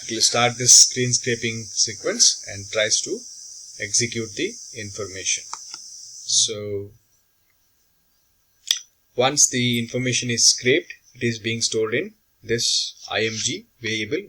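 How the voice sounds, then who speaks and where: A man giving a slow, step-by-step software tutorial, walking through each action on screen. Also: mid-range voice, rough recording.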